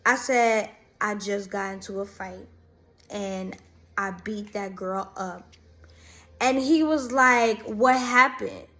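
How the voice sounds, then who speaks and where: A young adult woman casually telling a storytime, animated and slangy, rambling quickly through events. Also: on the high side. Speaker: vlogger.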